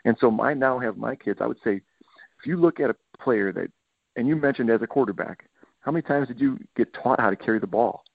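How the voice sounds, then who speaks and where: A man's voice: mid-range voice, brisk, creaky, slightly rough, no room sound. A middle-aged man from Michigan, a football coach, giving a podcast interview and telling stories animatedly, acting out what players said. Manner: animated storytelling, acts out players' quotes. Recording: tinny phone-like line, dry.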